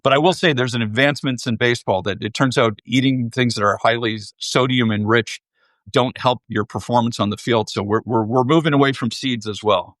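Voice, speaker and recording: A man's voice: mid-range voice, brisk, a bit bright, dry recording. A middle-aged man, a former baseball executive, chatting candidly as an interview guest with anecdotes and self-deprecating humor. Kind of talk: casual interview chat.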